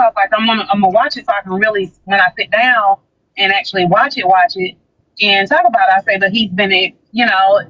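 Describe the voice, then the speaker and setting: A woman's voice: mid-range voice, highs cut off. A woman on a livestream, retelling a dispute in casual chat and acting out the quotes. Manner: animated retelling, acts out quotes. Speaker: guest recounting a dispute.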